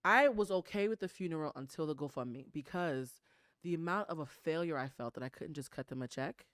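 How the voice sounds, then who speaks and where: A woman's voice: deep voice, brisk, dry recording, clean studio sound. An American woman in a candid conversational interview, talking in an earnest, outspoken way with casual swearing.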